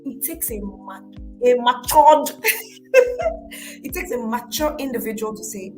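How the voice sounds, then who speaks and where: Woman, motivational speaker, casual chat, repeats herself, clear music bed. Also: a little high, unhurried, long pauses, poor audio. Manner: conversational, repeats phrases, acts out quoted voices.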